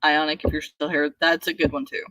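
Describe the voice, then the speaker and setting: A woman's voice: low-pitched, little pitch movement, a little fast, fairly bright tone, no echo. A woman hosting a casual writing livestream, chatting, laughing often and reading viewer comments aloud. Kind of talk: casual chat.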